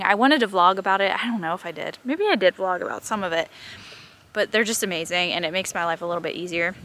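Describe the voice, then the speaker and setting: A woman's voice: mid-range voice, fairly bright tone, a little hiss or hum. A woman chatting casually as she walks around her farm, a bit out of breath, rambling and laughing now and then. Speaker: farm vlogger. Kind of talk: casual vlog chat. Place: outdoors on a farm.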